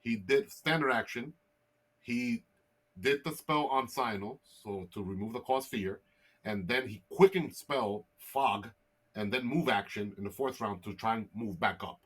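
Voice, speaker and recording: A man's voice: medium pitch, unhurried, slightly rough. A man playing a tabletop role-playing game, walking through his character's turns in long, rambling explanations. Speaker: player. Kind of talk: casual tabletop game chat.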